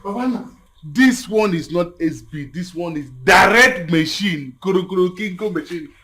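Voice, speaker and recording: A man's voice: high-pitched, moderate pace. A young man with a Nigerian accent playing a brash, boastful son showing off his girlfriend in a film drama. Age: young adult. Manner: excited, boastful, loud slang.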